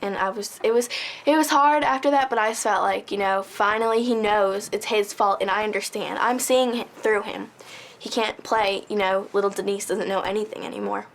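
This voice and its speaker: A woman's voice: medium pitch, steady tone, normal speed, gravelly. A woman telling her personal story in an interview, earnest and emotional, acting out past conversations. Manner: earnest, emotional, tells stories with quoted dialogue. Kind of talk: personal testimony.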